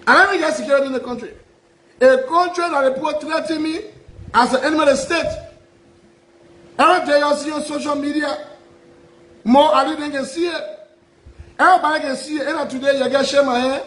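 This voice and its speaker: A man's voice: extremely high pitch, fairly even intonation, fairly quick, pauses often, fairly bright tone, roomy sound, rough recording. A Liberian man, a self-styled prophet, making an impassioned public address full of repeated rhetorical questions. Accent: Liberian English. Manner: repetitive, aggrieved, rhetorical questions.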